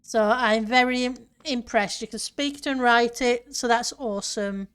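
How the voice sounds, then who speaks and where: A woman's voice: fairly high pitch, fairly even intonation, moderate pace, fairly bright tone, clear, resonant tone. A woman streamer chatting casually with her viewers and answering chat while she plays a building game. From northern part of her country.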